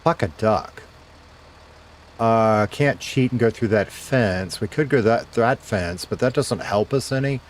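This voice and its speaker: A man's voice: fairly low pitch, measured pace, a little hiss or hum. A middle-aged man, a former radio DJ, casually chatting with viewers while streaming a game, laid-back and swearing now and then.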